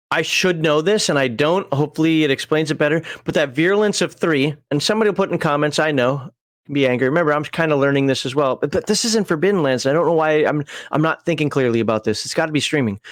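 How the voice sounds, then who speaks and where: A man's voice: a little high, brisk, no room sound, studio quality. A man casually reading game rules on a livestream, rambling with frequent chuckles and side tangents. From American Upper Midwest.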